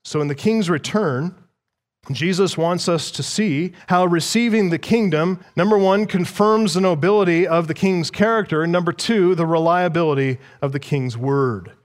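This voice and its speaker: A man's voice: a little high, in a large hall. A man preaching an expository sermon, teaching through a passage verse by verse and putting questions to his listeners. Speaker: pastor.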